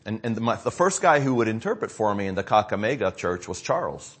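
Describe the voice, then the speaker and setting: A man's voice: on the low side, very animated, brisk, breathy edge. A middle-aged American man preaching to his congregation, telling stories in a loose, conversational way with frequent asides. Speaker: pastor. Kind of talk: sermon update to a congregation.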